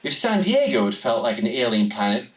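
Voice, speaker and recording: A man's voice: mid-range voice, big pitch swings, fairly quick, heavy background noise. A young man from Newcastle with a Geordie accent, telling a wry, comic story live on stage in a small venue. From Newcastle, England. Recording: roomy room, distant mic, audience.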